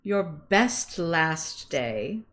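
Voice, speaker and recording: A woman player speaking in character, calm and persuasive. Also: low voice, extremely slow. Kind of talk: in-character tabletop play.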